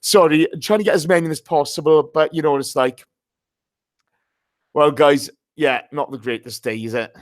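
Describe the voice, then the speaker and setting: A man's voice: on the high side, steady tone, moderate pace. An English man hosting a casual football podcast, chatty and jokey, swearing freely. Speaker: podcast host.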